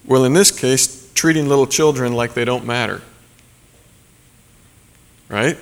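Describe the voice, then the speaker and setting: A man's voice: medium pitch, measured pace, creaky. A man preaching a sermon as a pastor, in a loose conversational way, with many fillers and asides such as "right?". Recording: long reverb of a large hall.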